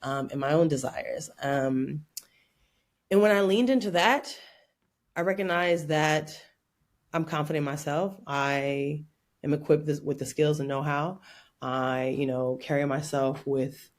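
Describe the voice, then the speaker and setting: A woman from Oakland, California, a podcast guest telling stories in an animated, playful way and laughing often. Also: deep voice, unhurried. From Oakland, California, USA. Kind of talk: casual interview chat.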